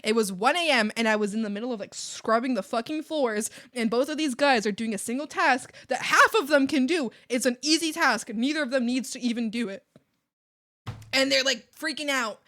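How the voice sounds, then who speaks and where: Young woman streamer, slightly high voice, swears freely while venting, animated storyteller. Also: brisk. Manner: animated, profane, mocking whiny voices. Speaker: art streamer.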